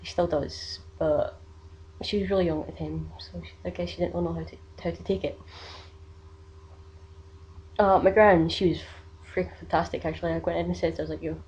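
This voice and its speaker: A woman's voice: fairly low pitch, steady tone, brisk, a little mellow. A young woman, telling a personal story in a casual vlog, rambling with many fillers. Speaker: vlogger.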